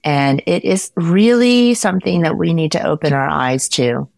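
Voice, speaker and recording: An emphatic, opinionated woman speaks as a podcast guest in a low voice, hammering each point home by repeating it. Her voice is recorded dry and close, with no room sound at all. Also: moderate pace, gravelly, darkish tone, dry recording. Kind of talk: casual conversation.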